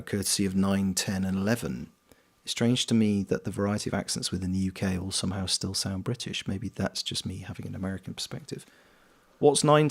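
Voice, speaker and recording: A man's voice: low voice, vocal fry. A man from Wales chatting casually on a live stream while gaming, rambling and reading chat aloud. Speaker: streamer and voice actor.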